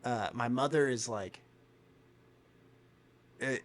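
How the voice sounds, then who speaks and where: A man co-hosting a podcast in casual chat, telling animated stories, acting out quotes and swearing freely. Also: mid-range voice, slow, slight background noise. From United States. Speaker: podcast co-host.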